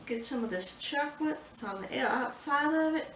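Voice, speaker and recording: A woman, chatty and unhurried, leading a casual home cooking tutorial in her kitchen. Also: high voice, lively intonation, fairly bright tone, recorded from a distance, a little hiss or hum. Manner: chatty, unhurried, says "y'all". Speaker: home cooking show host. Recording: echoey kitchen, mic set back.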